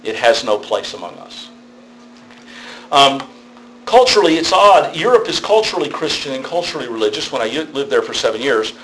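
A man's voice: mid-range voice, a little fast, poor audio. A middle-aged pastor lectures on theology in a mid-range voice, talking in a loose, conversational way and often checking in with his listeners. A faint ambient hum sits under the recording. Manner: conversational, animated storytelling with tag questions.

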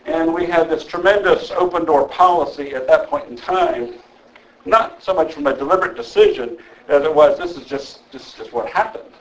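A man's voice: a little high, normal speed, low-quality recording. An older man gives an evening lecture to an audience in a conversational way, often checking in with the room. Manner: conversational, with frequent "okay?" check-ins.

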